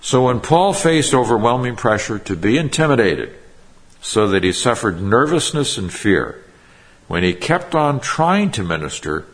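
A middle-aged male pastor delivers a sermon in a low, husky voice. He slows down to explain Greek verb forms and repeats the key phrases for emphasis.

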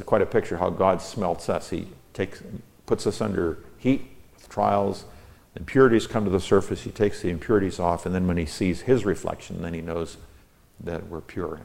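A man's voice: low-pitched, creaky, darkish tone. A man teaching through a psalm verse by verse, reading each line and explaining the Hebrew words, stressing the key lines. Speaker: Bible teacher.

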